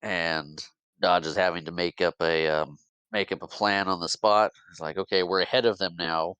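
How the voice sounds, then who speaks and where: At normal speed, a man on a podcast recaps a film casually and with animation, often restarting and using fillers and briefly voicing characters. His voice is a bit low, bright and crisp. The recording is close, dry and echo-free, though muffled.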